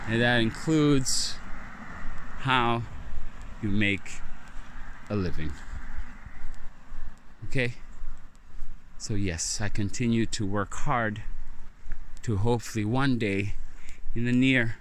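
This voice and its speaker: A man's voice: medium pitch, slow, long pauses, slight background noise. A man vlogging as he walks by a lake at night, telling stories in a chatty, rambling, sometimes profane way. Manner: chatty, profane, animated storyteller. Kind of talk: rambling monologue on a walk.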